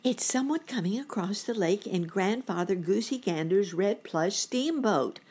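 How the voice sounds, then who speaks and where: Give me a woman putting on a bunny boy voice, excitable and childlike, in a storybook. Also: measured pace, husky. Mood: excited. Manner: high and eager, childlike.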